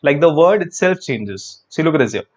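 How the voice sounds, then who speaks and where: A man's voice: a little high, sing-song, moderate pace, muffled recording. Chatty male English grammar teacher. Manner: chatty, repeats words, talks to viewers. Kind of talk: live online grammar lesson.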